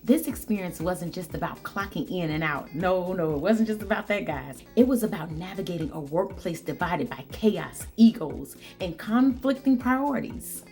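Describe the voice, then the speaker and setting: A woman's voice: lowish voice, animated, normal speed, few pauses, darkish tone, faint music behind. A woman vlogger telling a work story to her viewers, chatty and repetitive, calling them guys and y'all. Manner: chatty, repeats lines for emphasis, talks to "guys" and "y'all". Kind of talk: casual storytelling to camera.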